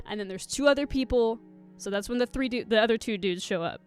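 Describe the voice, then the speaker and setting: A woman's voice: on the high side, quick pace, clear, resonant tone, faint music behind. A young woman streaming live, telling a rambling story to her chat, swearing a lot and close to tears.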